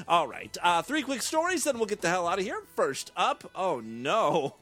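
A man's voice: sits high, wildly swooping pitch, normal speed, few pauses, a bit bright. A man hosting a comedic podcast, talking in a loose, profane way with laughing asides. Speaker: podcast host.

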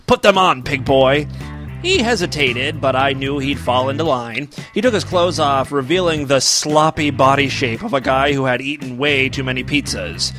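A man's voice: mid-range voice, moderate pace, hardly any pauses, over music. A man doing a mock-dramatic comic reading of a story, with wry asides and tongue-in-cheek delivery. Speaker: comic reader of an erotic story.

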